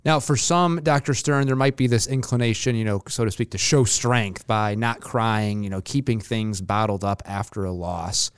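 Conversational male interview host, smooth voice. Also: fairly low pitch, moderate pace, few pauses, dry recording, studio quality. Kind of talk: interviewer asking questions.

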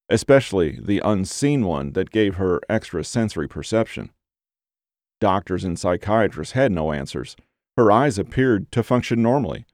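A man reads scripted audiobook narration in a measured, even style. His voice is on the low side, and the recording has studio quality with no room sound.

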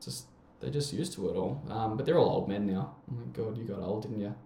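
A man's voice: on the low side, brisk, mellow, reverberant. A young Australian man with an Australian accent, telling rambling stories in casual chat, swearing and laughing often.

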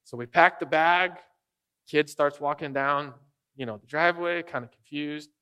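A man's voice: on the high side, normal speed, bright, forceful tone, clear, resonant tone. A man preaching a sermon as pastor, a father of young kids, speaking casually and jokingly and often putting questions to the congregation. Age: adult father of young children.

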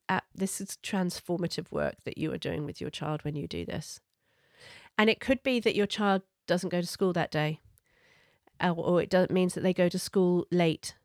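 A middle-aged woman coach giving parenting advice in an earnest, gentle, conversational way. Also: on the low side, no room sound, clean studio sound.

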